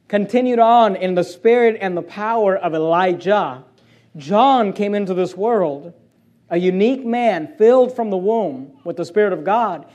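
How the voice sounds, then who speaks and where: A man's voice: sits high, a little mellow. A man preaching a sermon as pastor, building up emphatically on key points and reading scripture aloud.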